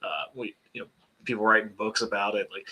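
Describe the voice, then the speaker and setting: A man's voice: fairly low pitch, flat delivery, a little fast, pushed and bright, breathy edge. A young man co-hosting a wrestling podcast, talking in a loose, joking way that often trails off and restarts. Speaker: podcast co-host. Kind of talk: casual chat.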